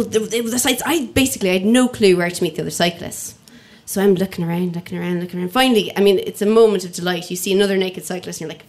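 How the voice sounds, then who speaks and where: A woman telling a funny personal story to an audience, lively and acting out the voices of people in it. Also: medium pitch, slight background noise. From Ireland. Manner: lively comic delivery, acts out quoted voices.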